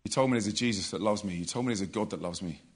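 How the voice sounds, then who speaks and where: A man with an English accent quietly voicing a troubled twelve-year-old girl within his story. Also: lowish voice, racing, husky, voice pushed down. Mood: subdued.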